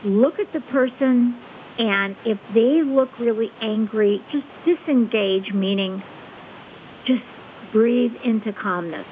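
Calm woman on a tinny phone line. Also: a little high, a little hiss or hum. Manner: calm, measured, checks in with "okay?". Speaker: guest expert on conflict resolution. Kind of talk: explaining a technique step by step.

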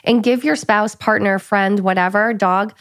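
A woman co-hosting a podcast, giving earnest advice in casual chat and slowing down for emphasis. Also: medium pitch, steady tone, no echo, clean studio sound. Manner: earnest, advising, slows for emphasis. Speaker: podcast co-host.

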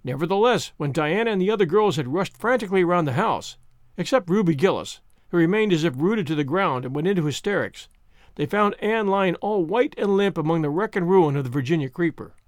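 Expressive male audiobook narrator. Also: high voice, fairly quick, dry recording, clean studio sound.

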